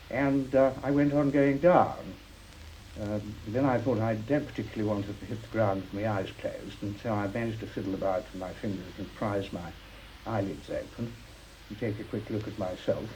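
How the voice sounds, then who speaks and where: An older man recounting a personal memory in an understated, halting way, with frequent pauses and fillers. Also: on the low side, darkish tone, slight background noise, rough recording. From Britain. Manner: understated, halting, with many uhs. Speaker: interviewee, war veteran. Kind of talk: personal recollection.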